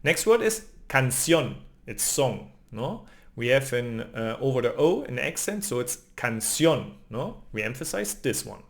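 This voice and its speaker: A man's voice: mid-range voice, very animated, measured pace, gravelly. A man giving an online language lesson, explaining patiently and often ending lines with a questioning "no?". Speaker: language teacher.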